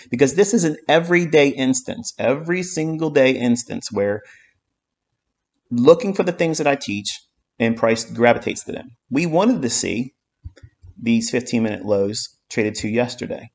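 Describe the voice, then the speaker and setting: A man of average pitch mentoring viewers over a livestream. He talks bluntly and profanely and hammers points home by repeating them. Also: normal speed. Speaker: trading mentor. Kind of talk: live-streamed trading lesson.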